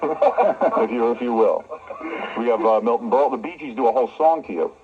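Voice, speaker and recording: A man hosts a radio talk show, interviewing a guest in a brash, joking style. His medium-pitched voice is animated and brisk, captured on a dull cassette recording of the broadcast.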